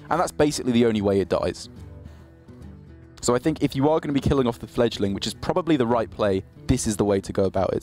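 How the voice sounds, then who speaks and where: A man's voice: medium pitch, a little mellow. A man giving analytical live commentary on a card game tournament, laughing easily between plays. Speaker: esports caster.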